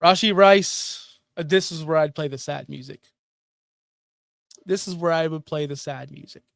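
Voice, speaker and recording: A middle-aged man hosting a fantasy football show, talking in animated, sarcastic, jokey rants. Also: a little high, normal speed, creaky, no echo. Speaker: fantasy football podcast host. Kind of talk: casual sports talk.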